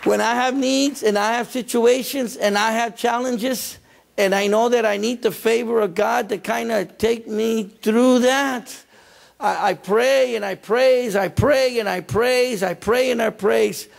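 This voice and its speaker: A pastor preaching a sermon in a repetitive, emphatic way. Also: male voice, very high voice, fairly even intonation, unhurried, creaky.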